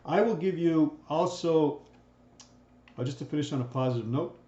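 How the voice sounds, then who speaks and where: A man's voice: fairly high pitch, moderate pace, warm tone. A man teaching a recorded lesson in a conversational way, often checking in with "right?" and restarting his sentences. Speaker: instructor. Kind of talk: recorded lecture on communication. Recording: roomy, dull sound.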